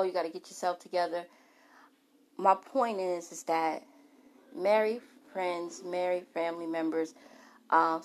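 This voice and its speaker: A middle-aged woman vlogger talking frankly and emphatically to her followers, often restarting her sentences. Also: lowish voice. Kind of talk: candid talk to camera.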